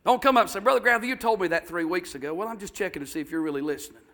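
A man preaching a sermon, telling a story in a folksy way and rising to fervent shouted exhortation. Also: high-pitched, racing. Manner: folksy, builds to shouting fervor.

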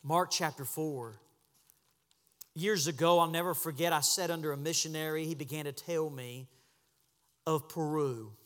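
Pastor preaching, high bright voice, goes from hushed to shouting, echoey church hall. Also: male voice. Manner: impassioned, swings from hushed to shouting. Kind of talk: sermon. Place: church sanctuary.

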